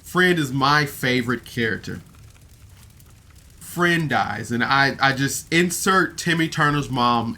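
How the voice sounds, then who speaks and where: A man's voice: medium pitch, animated, slow pace, sharp tone. A man giving a casual, rambling review of a podcast episode on camera, emotional and full of fillers. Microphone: camera mic, seated on camera.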